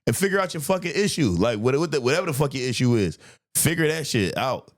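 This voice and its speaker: A man hosting a podcast, chatting casually and telling stories in a profane, animated way. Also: medium pitch, fast. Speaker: podcast host, comedian. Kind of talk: casual chat.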